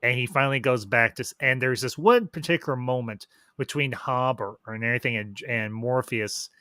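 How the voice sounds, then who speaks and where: A man hosts a relaxed review chat in a bright, forceful voice, recorded close and dry with no room sound. He rambles through his points, stopping and restarting as he digs for names and details. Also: mid-range voice, moderate pace, clean tone, no room sound. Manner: rambling, restarts and trails off while recalling details. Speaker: host.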